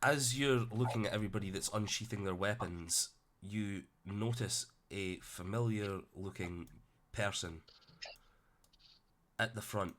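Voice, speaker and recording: A man narrating as game master of a tabletop game, relaxed and sweary, with plenty of fillers. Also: on the low side, measured pace, noisy background.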